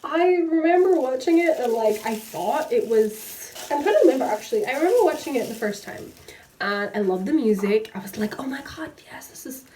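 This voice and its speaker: A woman's voice: high-pitched, very animated, a little fast, mellow, a little hiss or hum. A young woman in her twenties chatting casually and rambling with lots of fillers while she dyes her hair at home. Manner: rambling, chatty, full of fillers, laughs at herself. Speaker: book vlogger. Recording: roomy echo, slightly distant.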